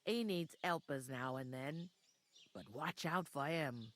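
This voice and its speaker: A woman's voice: deep voice, slow pace, a bit bright. Game tavern keeper, woman, Yorkshire accent, blunt and folksy. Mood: matter-of-fact. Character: brusque village tavern woman, practical.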